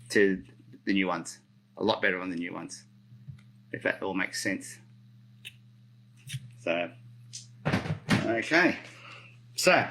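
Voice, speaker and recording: A man's voice: mid-range voice, pushed and bright, poor audio. A middle-aged man with an Australian accent, rambling chattily through a live skate maintenance demo and correcting himself as he goes. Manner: chatty, rambling, self-correcting, reads out viewer comments. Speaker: roller skate hobbyist demonstrating maintenance. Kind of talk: casual live-stream tutorial.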